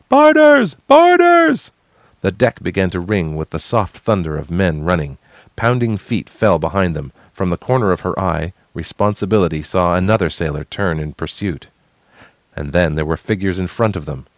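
Deep-voiced man narrating a fantasy story. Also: no room sound. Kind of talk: scripted fantasy audiobook narration.

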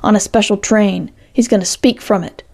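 Woman reading a defiant young heroine, stubborn, fiery, gravelly voice, dark mellow tone. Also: mid-range voice, steady tone, moderate pace. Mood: grim.

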